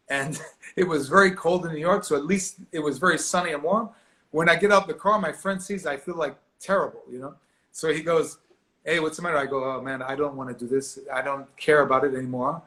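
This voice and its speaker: Animated man telling a story. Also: fairly high pitch, fairly quick. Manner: animated, acts out quoted voices, laughs often. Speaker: actor guest. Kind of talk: storytelling interview.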